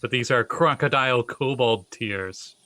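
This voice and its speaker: A man's voice: mid-range voice, unhurried, noisy background. A man playing a tabletop game, making jokey asides. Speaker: player.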